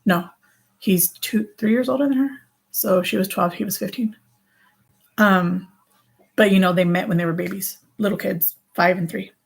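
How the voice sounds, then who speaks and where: Chatty woman with a gravelly voice. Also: mid-range voice, fairly even intonation, normal speed. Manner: rambling, chatty, with many fillers and self-corrections. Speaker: vlogger. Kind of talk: casual vlog chat.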